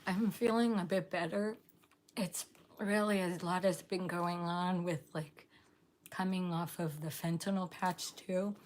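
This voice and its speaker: A woman's voice: fairly low pitch, steady tone, a little slow. A woman hosting a casual live stream, bubbly and gushing, laughing often as she chats with viewers. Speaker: livestream host.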